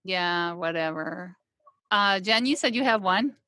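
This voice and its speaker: A woman's voice: lowish voice, lively intonation, unhurried, pushed and bright, no echo. A woman co-hosting a casual chat, hesitant and searching for words, with many fillers.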